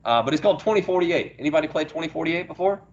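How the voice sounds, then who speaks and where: A man's voice: fairly high pitch, animated, very fast, muffled recording. A male math teacher, lecturing a class, asking questions and praising the answers. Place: classroom, heard through a small speaker.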